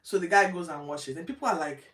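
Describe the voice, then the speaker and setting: Lively woman retelling Bible stories, echoey room. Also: quick pace, distant mic. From Nigeria. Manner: lively, acts out characters' lines with big pitch jumps. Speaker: host of a Bible reading show. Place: home study. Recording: roomy, from off the mic.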